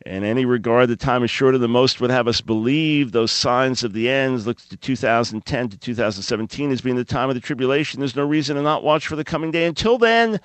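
A man hosting a call-in radio show, reading and commenting with sarcastic, animated asides. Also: mid-range voice, quick pace, few pauses, smooth, no room sound. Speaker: radio talk show host.

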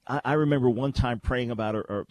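A Christian call-in radio host, he teaches with conversational earnestness, repeatedly restarting his thoughts. His medium-pitched voice moves fast and sounds a little mellow through a studio microphone.

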